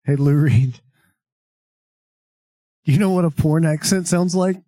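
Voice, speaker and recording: Higher-voiced man asking questions. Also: unhurried, mellow, dry recording, studio quality. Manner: wide-eyed, questioning.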